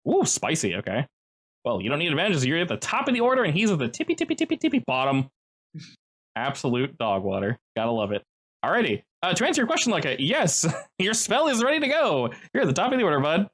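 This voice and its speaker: A game master runs tabletop combat with jokey asides and a playful streak, his middle-pitched voice swinging widely from line to line so the narration never goes flat. He speaks fast, with a slightly rough quality.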